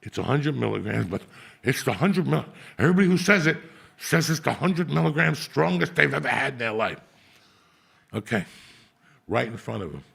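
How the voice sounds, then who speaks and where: Gravelly, husky man telling profane stories. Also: medium pitch, big pitch swings, moderate pace, a bit bright. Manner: profane, rambling street-style storytelling. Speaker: podcast host. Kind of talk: casual storytelling chat.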